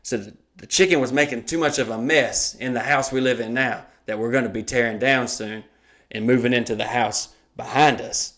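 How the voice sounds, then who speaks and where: A man's voice: medium pitch, moderate pace. A man telling a funny story on a comedy podcast, swearing a lot and acting out the voices of the people in it. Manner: animated, acts out quoted voices, swears a lot. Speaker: podcast co-host.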